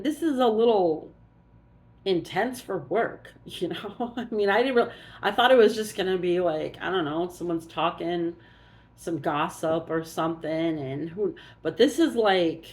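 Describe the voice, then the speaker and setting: A woman's voice: mid-range voice, a little mellow. A woman doing a casual oracle card reading, musing aloud and thinking as she goes.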